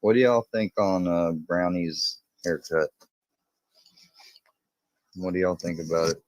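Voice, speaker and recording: A man's voice: fairly low pitch, measured pace, long pauses, a little mellow, no echo. A man livestreaming from home, playfully chatting with his dog in a bouncy, sing-song way. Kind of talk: casual livestream chat.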